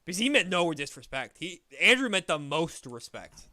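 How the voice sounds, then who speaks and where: A young man streaming a game and chatting casually, rambling and swearing as he tells animated stories. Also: fairly high pitch, normal speed, dry recording. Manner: rambling, profane, animated storytelling. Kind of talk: casual gaming chat.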